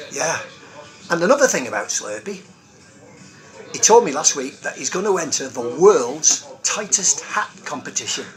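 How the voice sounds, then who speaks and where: A man hosting in character, rambling cheerfully through one-liner jokes in a busy pub. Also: mid-range voice. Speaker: comic host in character. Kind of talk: joke-telling pub comedy. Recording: loud pub crowd behind.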